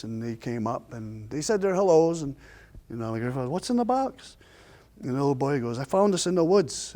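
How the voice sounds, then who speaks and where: A man storyteller recounting a family memory in a relaxed oral storytelling style, voicing the people in it with lively pitch jumps. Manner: lively, acts out quoted voices with pitch jumps.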